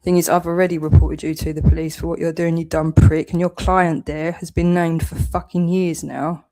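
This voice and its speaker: A woman's voice: low-pitched, flat delivery, normal speed, mellow. A British woman with a southeast English accent, delivering a heated, accusatory vlog rant full of swearing. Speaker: channel owner.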